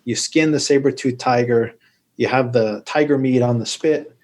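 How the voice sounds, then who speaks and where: A man's voice: medium pitch, steady tone, normal speed, darkish tone. Man explaining with joking stories. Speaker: urologist guest. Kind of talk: podcast interview.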